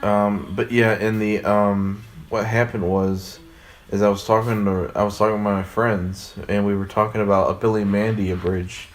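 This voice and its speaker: Young male let's player, rambling anecdotal storyteller, slightly low voice. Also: level tone, moderate pace. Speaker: let's play co-host. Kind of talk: casual gaming chat.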